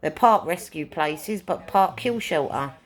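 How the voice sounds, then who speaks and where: A chatty woman with a slightly low voice, talking casually to camera. She rambles warmly through her thoughts, repeating key phrases for emphasis and dropping in plenty of fillers. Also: lively intonation, unhurried. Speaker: pet owner and animal rescuer.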